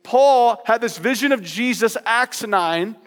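A male pastor preaching a sermon in a lively, conversational way, hammering points home with playful repetition. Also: very high voice, slow pace, big-room sound.

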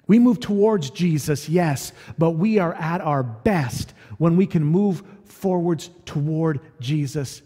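A male preacher gives a chatty sermon, asking his listeners questions as he goes. His voice sits high. A long reverb from the church hall trails behind him. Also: expressive, slow pace, few pauses, darkish tone. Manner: conversational, asking the audience questions.

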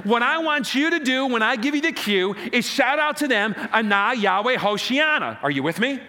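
A man preaching a sermon as pastor, animated, rousing his congregation in call-and-response. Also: very high-pitched, fairly quick.

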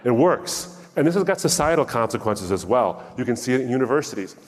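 A man with a medium-pitched voice gives a talk that sounds like a sermon, animated and wryly humorous as he acts out both sides of a conversation. His voice carries the long reverb of a large hall. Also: brisk. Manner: animated storytelling, wry humor. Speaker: speaker.

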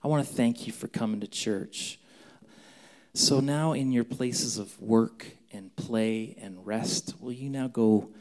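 A man preaching a sermon in a mid-pitched voice. He pleads with his listeners and repeats key phrases. At moments he drops to a soft, intimate whisper. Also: slow. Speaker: pastor.

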